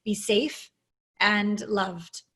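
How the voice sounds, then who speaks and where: A woman's voice: mid-range voice, steady tone, very slow, bright, forceful tone. A woman guest coach speaking in an interview, telling her personal story in an earnest, reflective and openly emotional way over a video call.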